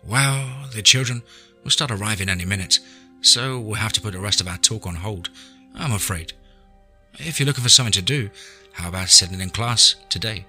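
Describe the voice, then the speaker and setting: A man's voice: on the low side, brisk, pushed and bright, faint music behind. A man voicing a young, friendly female werewolf schoolteacher who speaks in an inviting way.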